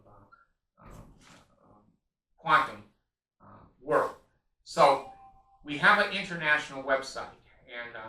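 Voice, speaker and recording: A man's voice: medium pitch, bright, forceful tone, roomy sound, distant mic, slight background noise, poor audio. An older man in a rambling, emotional monologue from his living room, blunt and profane, with frequent ums and restarts. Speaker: video blogger appealing for donations. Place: his home, a living room with vaulted ceilings.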